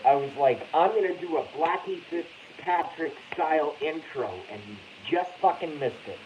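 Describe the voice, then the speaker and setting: Talking at normal speed with few pauses, a fairly high-pitched man from Boston runs a casual live stream. He meanders profanely and interrupts himself mid-sentence, all captured in dull lo-fi audio with a faint hiss.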